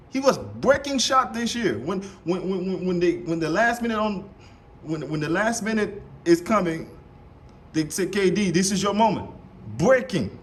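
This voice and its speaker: A man reacting live to a debate show clip, heated and animated, repeating himself and swearing. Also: sits high. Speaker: reaction streamer.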